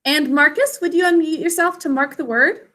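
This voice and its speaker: A woman teaching an online spelling lesson to children over a video call, sounding out words slowly and giving frequent praise. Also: sits high, sharp tone. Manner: slow, deliberate enunciation with praise.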